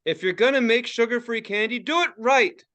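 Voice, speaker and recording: A man's voice: very high voice, a little fast, bright, forceful tone. A man in his forties ranting and swearing as a podcast co-host, laughing often in casual talk. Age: 40s. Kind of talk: casual profane podcast rant.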